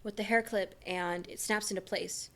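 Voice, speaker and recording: A woman's voice: medium pitch, fairly even intonation, normal speed, fairly bright tone. A woman narrating a tabletop game as game master, rambling with many fillers.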